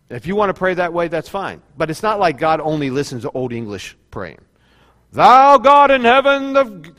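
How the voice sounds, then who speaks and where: A man's voice: high-pitched, fairly bright tone, in a large hall. A male pastor giving a sermon in a conversational preaching style, now and then acting out quoted prayers. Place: church sanctuary.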